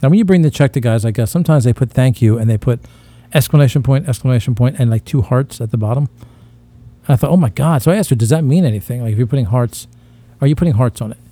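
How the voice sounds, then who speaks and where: Boastful rambling man with a dark voice. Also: medium pitch, fast, no room sound. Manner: boastful, rambling, self-mocking with frequent laughs. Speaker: podcast co-host. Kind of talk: casual crude comedic banter.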